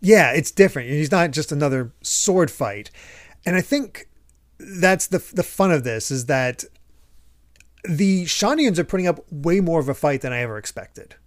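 A man hosts a casual podcast chat, retelling scenes with animated energy and frequent laughter. His voice sits a little high. The sound is dry and close, with no room around it. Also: normal speed, dry recording. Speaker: podcast host.

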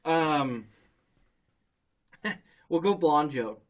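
A man's voice: fairly high pitch, expressive, extremely slow, recorded from a distance. Crude, laughing podcast co-host man. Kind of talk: casual podcast chat, telling jokes.

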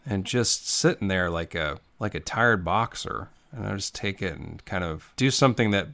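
Bright-voiced man riffing on a comedy podcast. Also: sits low, normal speed. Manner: rambling improvised bits, deadpan asides. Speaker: podcast co-host. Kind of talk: comedic movie-riff chat.

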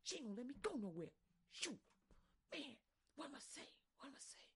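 A woman's voice: high voice, sing-song, a little fast, fairly bright tone, pitched above the performer's own voice, heavily acted. A woman voicing a young boy caught skipping chores, muttering frantically to himself and then pleading with his mother. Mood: panicked whisper.

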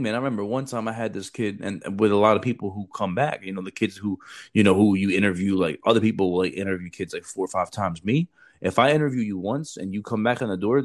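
A man in his thirties hosts a podcast and tells stories from his recruiting days. His low voice stays casual, blunt and full of swearing. He throws "bro" into nearly every line. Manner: blunt, profane, says bro a lot. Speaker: podcast host, former Marine recruiter. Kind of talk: casual storytelling chat.

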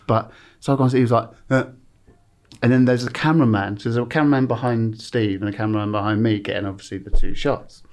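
An English man, a former football TV presenter, telling stories as a podcast guest, swearing freely, laughing through them and acting out what people said. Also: fairly low pitch. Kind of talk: anecdotal storytelling. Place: podcast studio.

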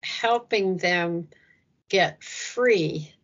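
A woman's voice: on the low side, very slow, lo-fi sound. A woman speaking earnestly about faith in an interview, acting out prayers in a lifted voice. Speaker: guest speaker on Christian ministry. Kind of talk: conversational interview.

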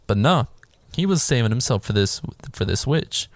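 A man's voice: medium pitch, sing-song, moderate pace, no room sound, clean studio sound. A man casually recapping a film on a podcast, rambling through the plot and acting out the characters' lines, with plenty of swearing. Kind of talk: casual chat.

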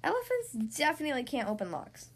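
A woman voicing a calm, deliberate male detective in a storybook read-aloud, pitching her voice low and speaking slowly and thoughtfully. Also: exaggerated voice.

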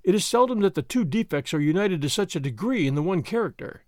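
A man narrating a first-person story in an expressive, measured way. His voice rides high and moves animatedly through each sentence. The sound is close and dry. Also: dry recording. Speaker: audiobook narrator.

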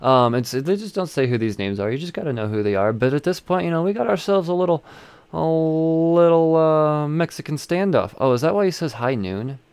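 A man's voice: a little high, animated, brisk, a little mellow, clean tone, dry recording. A man casually recapping a comic issue, rambling, swearing freely and chuckling as he goes. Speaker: comic book reviewer.

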